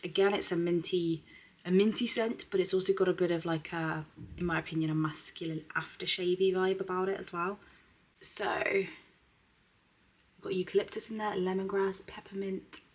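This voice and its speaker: A woman chatting casually at home, swearing freely and slipping into soft, half-whispered asides. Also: on the low side, flat delivery, normal speed, slight background noise. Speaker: beauty vlogger. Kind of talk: casual unboxing chat. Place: at home, indoors.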